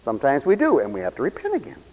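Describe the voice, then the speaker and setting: High, lively preacher on a lo-fi radio broadcast. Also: male voice, rapid-fire. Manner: swings between loud exclamations and low asides, acts out quoted voices. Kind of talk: sermon. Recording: dull, lo-fi radio broadcast with hall reverb.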